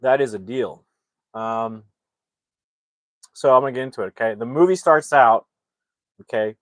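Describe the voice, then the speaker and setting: A man's voice: mid-range voice, normal speed, dry recording. Rambling man recapping a movie. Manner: rambling, acts out character lines while retelling. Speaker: movie reviewer. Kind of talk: casual live-streamed movie recap.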